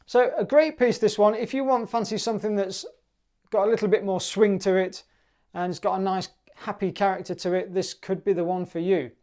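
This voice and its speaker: A man with a British accent teaching a clarinet piece in a relaxed, chatty way, sometimes singing the rhythms in syllables. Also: sits high, a little fast. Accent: British English. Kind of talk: relaxed music tutorial.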